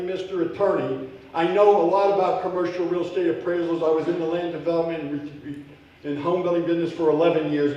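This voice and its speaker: A man speaking off the cuff during public comment at a city council meeting, emotional and indignant. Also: on the high side. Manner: off-the-cuff, heated, grows loud and indignant. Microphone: podium microphone. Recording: echoey council chamber from far off.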